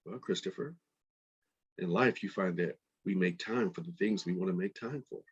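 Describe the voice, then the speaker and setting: A man quoting a young female teacher in a calm, matter-of-fact way, close to his own voice. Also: sits low, moderate pace, slightly rough, lo-fi sound, pitched below the performer's own voice.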